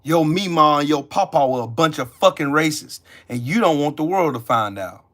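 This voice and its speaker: A man's voice: a little high, lively intonation, normal speed, fairly bright tone. A man hosting his own channel, delivering an angry, profane rant that curses, accuses and repeats its lines. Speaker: channel host.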